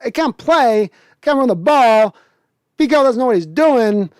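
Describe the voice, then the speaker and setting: A man putting on a halting, offbeat celebrity impression, breaking his lines with odd pauses. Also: very high-pitched, animated, darkish tone, clear, resonant tone, no echo, clean studio sound, pitched above the performer's own voice. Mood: exasperated.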